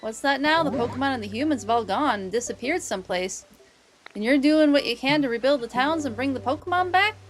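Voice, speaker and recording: A woman's voice: high-pitched, animated, brisk, soft background music. A woman voicing a drowsy, folksy sea serpent with a Southern US drawl, reading game dialogue aloud. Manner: drawling, old-timey folksy talk.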